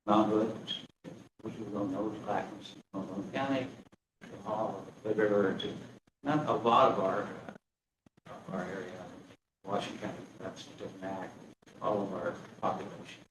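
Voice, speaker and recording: A man's voice: lowish voice, fairly even intonation, moderate pace. An older man, a county commissioner, giving rambling, chatty remarks at a public meeting. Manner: rambling, chatty, many fillers. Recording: echoey room, distant mic, background noise.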